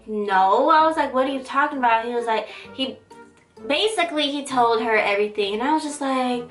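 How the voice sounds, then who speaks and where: Young woman vlogger, bright and high, animated slangy storyteller, echoey room with faint music. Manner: animated, slangy, dramatic retelling with quick pitch jumps. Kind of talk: casual storytime.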